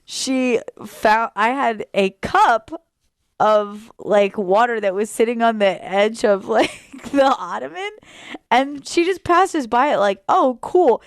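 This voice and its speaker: A woman in her thirties tells funny pet stories in a relaxed talk-show chat. She laughs a lot, slips into little voices for her dog, and sits a touch higher than most women. The sound is dry and close. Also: takes it slowly, no echo. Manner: laughing storyteller, acts out a pet's thoughts. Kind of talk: casual comedic chat.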